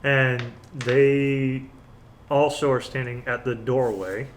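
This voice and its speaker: A man runs a tabletop game as game master, describing the scene at a slow, unhurried pace. He stumbles into restarts now and then. A faint hiss sits behind his mid-pitched voice. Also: steady tone. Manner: halting, with restarts and coughs.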